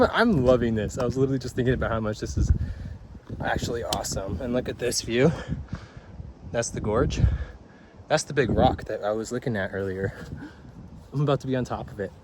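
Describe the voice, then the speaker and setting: A young man hiking and talking to his camera outdoors, excited and slangy, laughing often and out of breath. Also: mid-range voice, normal speed, pauses often. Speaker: hiking vlogger. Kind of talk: outdoor vlog commentary. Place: outdoors on a hiking trail by a waterfall. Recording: noisy outdoor recording.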